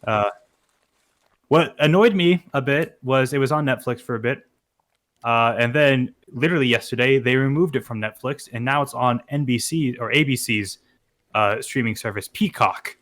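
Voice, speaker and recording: A man's voice: mid-range voice, normal speed, a bit bright. A young man, co-hosting a podcast with dry joking asides. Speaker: podcast co-host. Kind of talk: casual chat.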